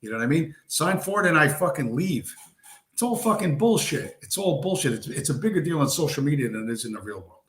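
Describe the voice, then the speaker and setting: A man's voice: a little high, big pitch swings, brisk, a bit bright. Profane, blunt man ranting in a roomy space. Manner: crude, profane and blunt, talks straight at his viewers. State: losing his voice. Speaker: livestream host. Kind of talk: profane late-night stream rant. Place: home room with a squeaky chair. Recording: roomy echo.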